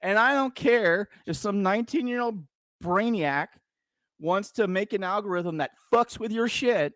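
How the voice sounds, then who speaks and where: A man's voice: high voice, measured pace, dry recording. Fired-up, foul-mouthed middle-aged man ranting. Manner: heated, profane, shouting rant. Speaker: podcast co-host, veteran. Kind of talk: casual podcast rant.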